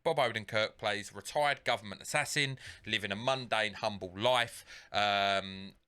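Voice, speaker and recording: A man's voice: on the low side, measured pace, sharp tone, smooth. A man co-hosting a podcast, retelling a film scene in casual, sweary chat full of fillers. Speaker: podcast co-host.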